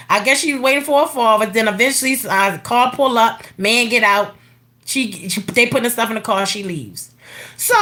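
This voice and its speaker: Middle-aged woman vlogger, bright high voice, profane no-filter storyteller. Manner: blunt, profane, animated. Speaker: vlogger telling a personal story. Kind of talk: casual storytelling rant.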